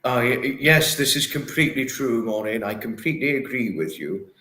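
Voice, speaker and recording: A man's voice: mid-range voice, a little fast, pushed and bright, roomy sound. A man hosting a casual livestream, reading chat comments and thanking viewers in an apologetic, effusive, giggly manner. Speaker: livestream host.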